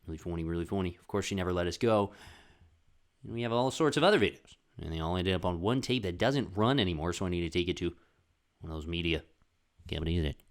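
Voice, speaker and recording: A man hosting his podcast, telling comedic stories casually, animated, often swearing. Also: deep voice. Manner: animated, swearing, acts out voices in quotes. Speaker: podcast host.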